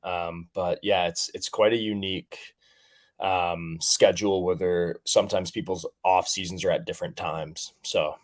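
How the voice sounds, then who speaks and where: A man's voice: low voice, steady tone, moderate pace. A young man from Canada, a professional rugby player, chatting in an interview with lots of fillers and restarts. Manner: rambling, many fillers and restarts. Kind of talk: casual interview chat.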